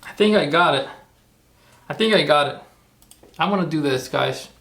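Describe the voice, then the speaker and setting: Brief: male streamer, gravelly, pitched a bit high, rambling commentary. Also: normal speed, fairly bright tone. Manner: thinking aloud, rambling, self-correcting. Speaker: streamer making AI videos. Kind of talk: live-stream screen-work commentary.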